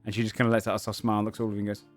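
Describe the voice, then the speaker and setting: A man's voice: lowish voice, monotone, very fast. A man narrating a tabletop game as game master, speaking casually and filling his lines with "um" and "kind of". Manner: casual, many fillers and hedging "kind of".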